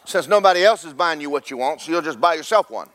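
A middle-aged man preaching a sermon as pastor, rising to a loud rhythmic peak and slipping in joking asides to the congregation. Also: on the high side, lively intonation, quick pace.

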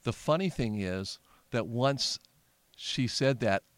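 A middle-aged man, a pastor, talking in a casual podcast conversation as an earnest storyteller who grows animated when retelling. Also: medium pitch, slow, clean tone.

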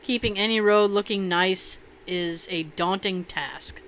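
A woman's voice: mid-range voice, a little slow, fairly bright tone, a little hiss or hum. A young adult woman co-hosting a casual chat show, reading comments aloud in a blunt, wry way and swearing freely. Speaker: co-host.

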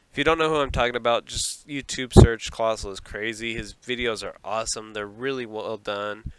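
A man talking alone into his podcast mic from a small closet. He rambles and laughs at himself a lot. His voice is smooth and resonant, pitched in the middle. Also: a bit bright, no room sound, low-quality recording. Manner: rambling, self-deprecating, laughs often. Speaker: podcast host. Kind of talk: solo podcast monologue.

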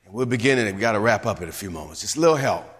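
A man preaching a sermon as bishop and pastor, swinging from hushed whispers to emphatic shouts. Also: fairly low pitch, animated, rapid-fire, long reverb tail. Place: church sanctuary.

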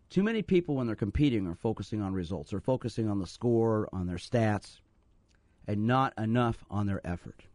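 A man's voice: lowish voice, a little mellow, no echo. A man hosting a call-in radio show as a sports psychologist, talking earnestly and telling stories to encourage listeners to call. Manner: earnest, storytelling, repeats phone number.

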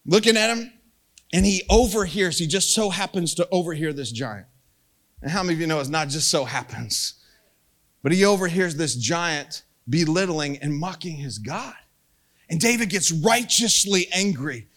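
A man with a high, bright voice preaching in a casual, storytelling way. He jokes with the crowd and jumps into quoted lines with a lift in pitch. The delivery is lively and conversational rather than formal. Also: moderate pace. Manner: animated, jokey, acts out quotes with rising pitch. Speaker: pastor.

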